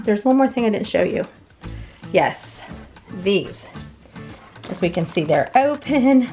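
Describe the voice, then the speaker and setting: Casting: fairly high-voiced woman vlogger, chatty and rambling, a little breathless, soft music beneath. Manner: chatty, rambling, quick and upbeat. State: a bit out of breath. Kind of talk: casual grocery haul chat.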